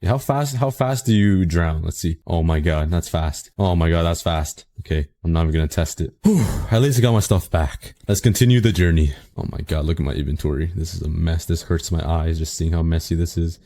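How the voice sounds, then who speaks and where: Guy doing chatty game commentary, deep mellow voice, gets all worked up and laughs at himself. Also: fairly quick, hardly any pauses. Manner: excitable, self-mocking, talks to viewers. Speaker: gaming channel host. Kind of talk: casual gameplay commentary.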